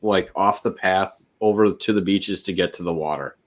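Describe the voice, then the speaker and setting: A man in a relaxed casual chat, chuckling and chiming in with his own stories. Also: deep voice, moderate pace. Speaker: whiskey show co-host.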